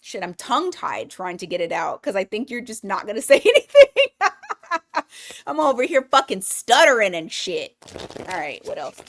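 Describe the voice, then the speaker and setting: A woman's voice: mid-range voice, very animated, normal speed. A woman giving a casual weekly tarot reading, blunt and profane, thinking aloud as she pulls cards. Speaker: tarot reader.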